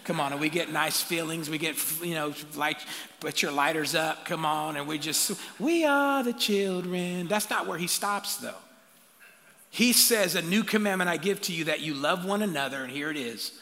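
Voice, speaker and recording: An animated pastor delivers a sermon in a large hall, calling out to the crowd and dropping playful asides. His high, gravelly voice has a bright, forceful edge, and he speaks at normal speed while a long hall echo trails his words.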